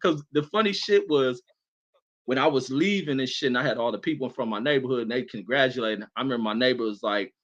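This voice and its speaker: A man telling old army stories in casual chat, profane and animated, often laughing. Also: medium pitch, fast talker, dull audio.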